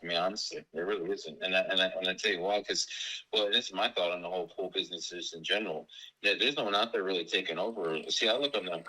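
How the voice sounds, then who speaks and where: Man, 40s, business owner, rambling, very low pitch, bright. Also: fast talker, poor audio. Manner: rambling, many fillers and restarts. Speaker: business owner selling his company. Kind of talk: casual business call.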